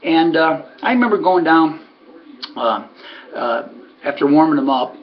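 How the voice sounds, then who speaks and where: A man's voice: fairly high pitch, animated, measured pace, highs cut off. A man who trains harness racehorses tells a story in a rambling way, full of "you know" and restarts. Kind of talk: casual spoken storytelling.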